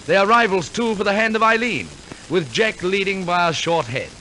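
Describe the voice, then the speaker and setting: A man's voice: high voice, moderate pace, sharp tone, slight background noise, low-quality recording. A man announcing and narrating a 1940s radio musical, telling the story theatrically with wry asides. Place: radio studio.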